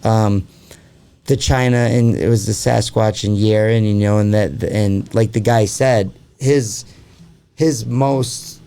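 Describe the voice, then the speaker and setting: Gravelly, dark-voiced podcast host man. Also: on the low side, steady tone, slow pace. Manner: rambling, heavy on fillers like "like" and "you know"; swears freely. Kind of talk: casual podcast chat.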